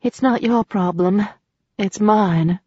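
A woman narrator voicing a frightened but stubborn young woman who talks back with sarcasm, pitched a bit higher. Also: takes it slowly, warm tone, husky, no echo, lo-fi sound. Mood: tense. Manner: tense, defiant, sarcastic.

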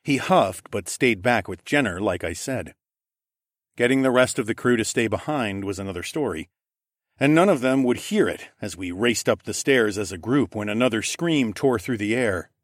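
A man reading a novel aloud as an audiobook narrator, in a dramatic, animated reading style. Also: on the low side, normal speed, no room sound, studio quality. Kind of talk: scripted narration.

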